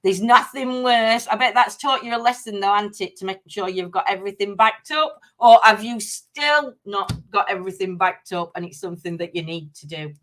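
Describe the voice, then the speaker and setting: A woman's voice: medium pitch, normal speed, hardly any pauses, fairly bright tone. A middle-aged woman hosting a casual live-stream chat, rambling with many ums and restarts as she answers viewers. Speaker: livestream host.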